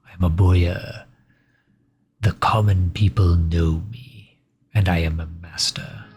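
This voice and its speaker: A man voicing a courteous old aristocratic male vampire count, in whispered role-play with soft, measured, formal speech. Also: fairly low pitch, slightly rough, full character voice.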